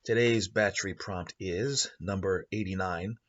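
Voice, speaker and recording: Brief: male host, improvised storytelling, rambling delivery; husky, low voice. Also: unhurried, dull audio. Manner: rambling, many fillers and restarts.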